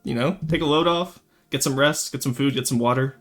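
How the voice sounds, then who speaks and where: A man chatting casually on a live stream, animated and rambling, quick to laugh. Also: medium pitch, soft background music.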